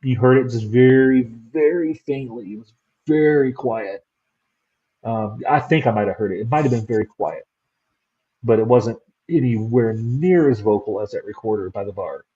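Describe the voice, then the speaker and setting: A male guest who investigates the paranormal tells loose, rambling stories in a relaxed chat. His voice is mellow and a little husky. It comes through in slightly dull, lo-fi sound. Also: mid-range voice, normal speed. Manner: rambling storyteller. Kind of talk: casual interview chat.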